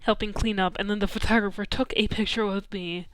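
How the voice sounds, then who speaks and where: Chatty young woman, smooth clear voice. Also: medium pitch, fairly even intonation, a little fast, no room sound, clean studio sound. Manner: chatty, peppered with "like" and "um", laughing often. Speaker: streamer. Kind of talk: casual storytelling chat.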